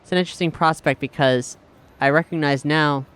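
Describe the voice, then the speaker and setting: A man playing his character in an improvised role-play, relaxed and wry, swearing casually. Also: a little high, fairly quick, smooth. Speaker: player.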